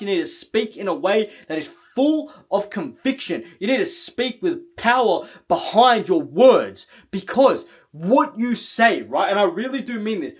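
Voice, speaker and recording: A man giving a blunt motivational talk to camera as a self-improvement coach, emphatic and profane, often tagging lines with "right?". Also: sits high. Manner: emphatic, blunt, swears, keeps asking "right?".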